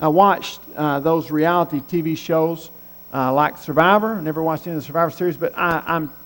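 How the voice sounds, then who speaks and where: Man, preacher, high voice, conversational sermon, rhetorical questions, reverberant hall. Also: fairly quick.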